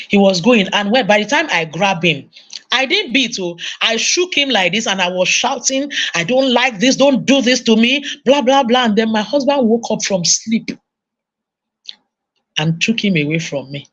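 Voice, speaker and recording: Nigerian woman preacher, lively storyteller, parenting sermon. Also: medium pitch, moderate pace. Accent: Nigerian English. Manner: animated storytelling, acting out voices. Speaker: conference speaker. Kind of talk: sermon-style parenting talk.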